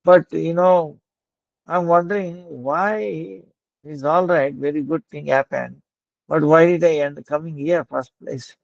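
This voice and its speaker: A man voicing a saintly, compassionate king in a told story, with a gentle, pleading manner. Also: a little high, fairly even intonation, a little slow, gravelly, dry recording, pitched above the performer's own voice. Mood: earnest. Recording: dull lo-fi dry recording.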